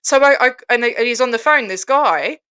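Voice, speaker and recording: An Australian woman telling a story over a video call in a casual chat, animated and laughing often, acting out the other people in it. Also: fairly high pitch, brisk, clean tone. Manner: animated, laughing, mimics voices in retelling. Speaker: guest protester.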